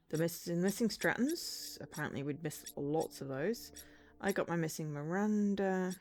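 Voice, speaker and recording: A woman with a lowish voice chats through a game stream, tired and rambling, full of ums and half-finished thoughts. Game music plays clearly behind her. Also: a little slow, a little mellow. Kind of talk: casual livestream chat.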